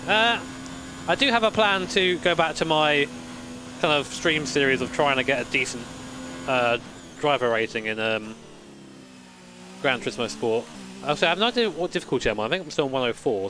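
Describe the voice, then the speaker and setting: A man's voice: medium pitch, lively intonation, a little fast, noisy background. A man in his late twenties, a sim racing streamer chatting casually with swearing and rambling stories. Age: late 20s. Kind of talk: casual live-stream chat.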